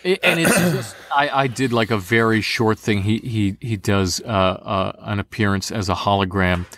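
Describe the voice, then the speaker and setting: A man in a relaxed interview about voice acting, talking in an animated, rambling way and joking often. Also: fairly low pitch. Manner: animated, rambling, quick to joke. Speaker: voice actor guest. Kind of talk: casual interview chat. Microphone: home studio condenser mic.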